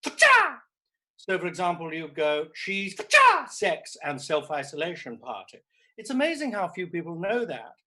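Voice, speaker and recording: A man's voice: high-pitched, very animated, fairly quick, few pauses, rough recording. A male comedian playing a vain, self-absorbed aging stage actress, hosting a streamed comedy show from home with camp, theatrical, sweary delivery. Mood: lecturing. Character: vain grande dame actress, middle-aged woman, theatrical and self-absorbed. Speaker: comedian host. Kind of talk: live-streamed character comedy. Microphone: laptop or streaming mic.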